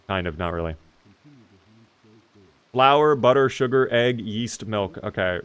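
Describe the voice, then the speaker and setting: A man's voice: on the low side, lively intonation, takes it slowly, long pauses, fairly bright tone, smooth. A man chatting casually with his live-stream chat while playing a video game, reading out and answering viewers and swearing now and then.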